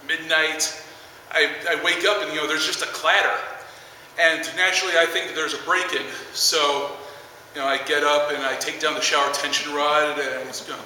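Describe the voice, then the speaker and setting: A man in his twenties performs stand-up on a large theater stage, rambling through a story full of filler words. His voice sits on the high side with a sharp tone and sounds far from the mic, very echoey in the big hall. The low-quality recording carries slight background noise.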